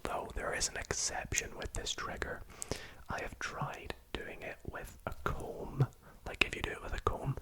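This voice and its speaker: An ASMR creator whispering casually into a close studio microphone, rambling with frequent restarts. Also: low-quality recording. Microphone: close studio microphone, sometimes with pop filter.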